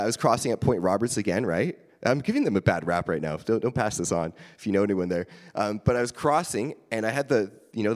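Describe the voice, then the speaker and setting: A male pastor giving a casual sermon, a chatty, self-deprecating storyteller who gets animated in his anecdotes. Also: fairly low pitch. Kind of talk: casual sermon with stories and jokes. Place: church hall. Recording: long reverb of a large hall.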